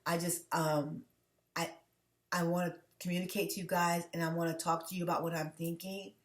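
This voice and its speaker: A woman's voice: on the low side, level tone, a little fast. A woman host from the United States talks straight to her viewers in an earnest, emotional way, often stopping and restarting her sentences. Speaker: channel host. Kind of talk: direct-to-camera commentary vlog. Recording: echoey room.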